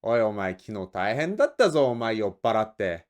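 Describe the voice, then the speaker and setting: A man doing a gruff, barking male boss. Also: on the low side, very animated, voice pushed down. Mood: rough joking. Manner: rapid, barking, nitpicking. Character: gruff scolding middle-aged male boss.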